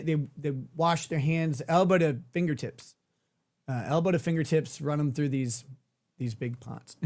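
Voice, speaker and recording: Irreverent joking man, slightly high voice. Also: a little mellow. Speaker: host. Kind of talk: casual livestream chat.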